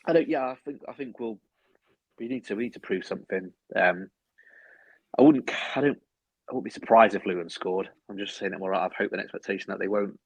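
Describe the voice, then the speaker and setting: A man co-hosting a casual football podcast, talking quickly and rambling with many restarts. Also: on the low side, husky, no room sound, poor audio. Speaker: podcast co-host. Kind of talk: casual chat. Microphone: home video call.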